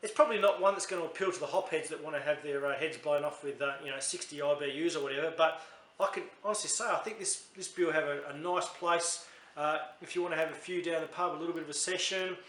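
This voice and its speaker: A man's voice: fairly high pitch, quick pace, a bit bright. Chatty Australian man in a roomy space. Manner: chatty and rambling, with frequent self-corrections. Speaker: beer reviewer. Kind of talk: casual beer review vlog.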